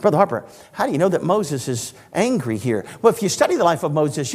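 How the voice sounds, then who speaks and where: High-voiced man in his sixties preaching. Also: breathy edge, big-room sound. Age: 60s. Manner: animated storytelling preacher with dry humor. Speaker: evangelist. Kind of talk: sermon. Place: church auditorium.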